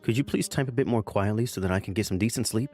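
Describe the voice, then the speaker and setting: A man's voice: fairly low pitch, fast, darkish tone, faint music behind, close to an everyday voice. A man playing a defensive, evasive husband in a dramatized story, placating and brushing off complaints. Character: defensive, evasive husband trying to please his mother.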